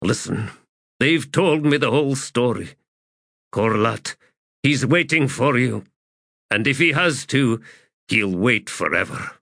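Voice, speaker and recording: A man's voice: medium pitch, lively intonation, slow pace, vocal fry, pauses often, fairly bright tone, no room sound, clean studio sound, voice pushed up, exaggerated voice. A man playing Fiddler, an anguished veteran soldier. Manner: strained, urgent pleading.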